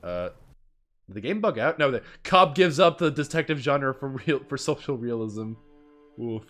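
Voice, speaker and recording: A young man streaming a video game, commenting and reading its text aloud, swinging from deadpan asides to shrieking outbursts. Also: mid-range voice, moderate pace, faint music behind.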